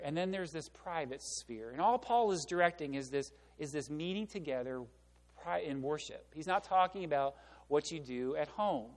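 Preaching man in an echoing church hall. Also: fairly high pitch. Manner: animated preaching with rhetorical questions. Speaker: pastor. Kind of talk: sermon. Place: church sanctuary. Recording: long reverb of a church hall.

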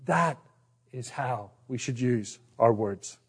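A man's voice: mid-range voice, animated, slow pace, slightly rough. A middle-aged man from Northern Ireland with a partly Americanized Northern Irish accent, preaching a sermon in a conversational, self-deprecating way that is full of restarts. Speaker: pastor.

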